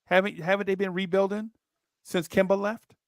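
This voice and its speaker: A man hosts a basketball podcast in slangy, animated chat, with a gravelly edge to a voice pitched a little high. The sound is dry and close, with no room around it. He tells stories with plenty of energy. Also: normal speed, dry recording. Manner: slangy, excitable, acts out quotes in high voices. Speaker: podcast host.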